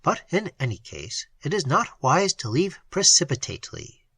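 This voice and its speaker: A composed male doctor, quiet and decisive, every word measured, as a narrator puts him on. The tone stays bright and slightly breathy in a dry, close recording. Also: medium pitch, sing-song, no echo, exaggerated voice. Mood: calm. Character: calm, authoritative male doctor of the occult.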